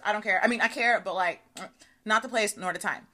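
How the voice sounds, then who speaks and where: Bright, chatty woman podcast host. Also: medium pitch, fairly quick. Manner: chatty, animated, swears freely, says okay and y'all a lot. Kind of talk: casual solo podcast monologue.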